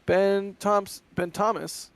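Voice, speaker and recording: A man co-hosting live stream commentary and reading viewer messages in a quick, conversational way. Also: sits high, steady tone, gravelly, dry recording.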